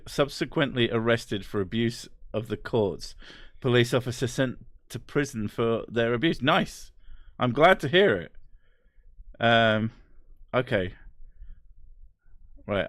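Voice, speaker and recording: A man's voice: medium pitch, no echo, clean studio sound. A young man streaming and reading out chat, swearing often and laughing as he talks. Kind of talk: casual live-stream chat.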